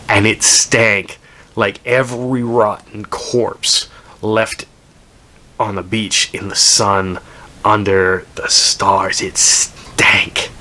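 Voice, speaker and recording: A man's voice: on the low side, sharp tone. A man telling a dramatic first-person story, swearing and drifting into rambling asides. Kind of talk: told story.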